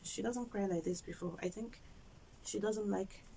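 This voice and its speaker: A young woman from Nigeria with a Nigerian accent, a mother chatting softly and gently about her baby-care routine in a home vlog. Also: mid-range voice, moderate pace, gravelly, a little hiss or hum, rough recording. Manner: soft, gentle and chatty, talking to baby and viewers in turn. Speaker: mother and vlogger.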